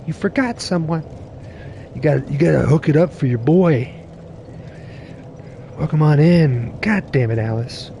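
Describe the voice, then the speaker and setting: A young man streaming a game live, excitable and laughing, swearing casually and chatting with his viewers while nursing a sore tooth. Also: medium pitch, moderate pace, gravelly, pauses often, a little hiss or hum.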